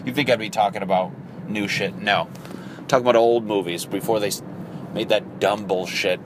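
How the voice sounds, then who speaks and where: A man's voice: lowish voice, steady tone, normal speed, background noise. A man around thirty rambling crudely through a casual solo podcast, joking and acting out quotes in silly voices. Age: 30s. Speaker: podcast host.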